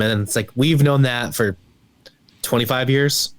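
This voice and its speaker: A man's voice: medium pitch, steady tone, brisk. A man co-hosting a casual wrestling podcast, mostly chiming in with short agreeing and joking replies. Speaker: podcast co-host.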